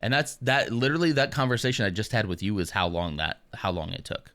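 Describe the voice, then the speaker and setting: A man's voice: on the low side, lively intonation, fast talker, a bit bright, no room sound, clean studio sound. A man streaming live, chatting candidly and rambling with asides about his day. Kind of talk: casual chat.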